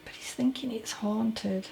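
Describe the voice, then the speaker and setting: Woman, psychic medium, mellow dark tone, halting and self-correcting, faint music behind. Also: medium pitch, steady tone, creaky, low-quality recording. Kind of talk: solo mediumship reading.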